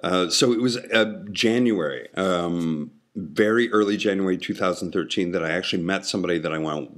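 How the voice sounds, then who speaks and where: Deep-voiced man rambling with self-mocking humor. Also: brisk, few pauses, a bit bright. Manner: rambling, self-deprecating humor, many fillers and restarts. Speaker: podcast host. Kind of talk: casual solo monologue.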